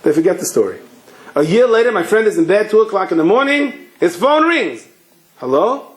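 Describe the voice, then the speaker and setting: A man, a rabbi, giving a sermon as a lively storyteller who acts out the people in his story. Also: high voice, fairly quick. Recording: roomy echo.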